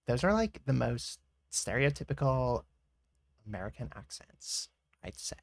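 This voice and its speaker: A man's voice: mid-range voice, a little slow, creaky, no echo, clean studio sound. Laid-back man chatting on a drawing stream. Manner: relaxed, rambling, giggly. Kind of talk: casual chat while drawing on stream.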